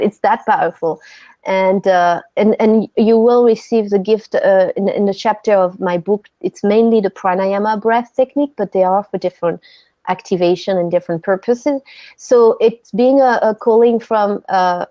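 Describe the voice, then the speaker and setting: A woman's voice: mid-range voice, warm tone, dry recording. French-accented woman on a muffled call. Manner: earnest, gropes for words with many restarts. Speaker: guest, breathwork teacher. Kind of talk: interview conversation.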